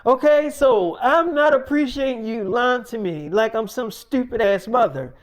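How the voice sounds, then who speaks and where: Young man as a foul-mouthed furious mom laying down the law, high-pitched voice. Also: moderate pace. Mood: angry. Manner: swearing, scolding, threatening. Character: furious strict mother scolding her teen daughter.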